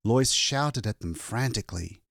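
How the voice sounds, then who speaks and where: A man reading a short story aloud as an audiobook narrator, measured and expressive. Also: lowish voice, vocal fry, no echo, clean studio sound. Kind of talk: scripted narration.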